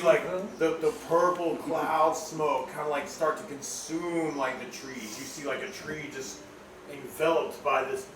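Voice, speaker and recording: A man narrating a tabletop game as game master, storytelling with lots of fillers and sudden shouts. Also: mid-range voice. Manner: animated storytelling with many fillers, bursts into shouts. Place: home room. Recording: echoey room, far from mic, noisy.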